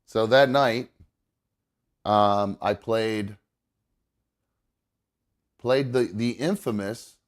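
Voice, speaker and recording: A man's voice: on the low side, extremely slow, pauses often. A man hosting a casual podcast, rambling with lots of fillers and restarts, sentimental and muttering to himself as he fiddles with his setup. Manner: sentimental, gets choked up. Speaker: podcast host. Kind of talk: casual chat.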